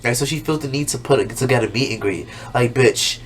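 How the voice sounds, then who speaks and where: A mid-range male voice moves along fairly quickly in a casual YouTuber-style recap of a TV episode. He swears plenty and jumps into exaggerated voices for the characters throughout his monologue.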